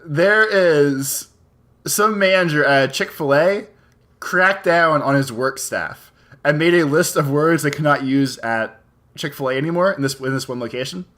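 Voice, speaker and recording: A man's voice: a little high, measured pace, fairly bright tone. A man co-hosting a casual podcast chat, crude and joking, laughing often. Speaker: podcast co-host.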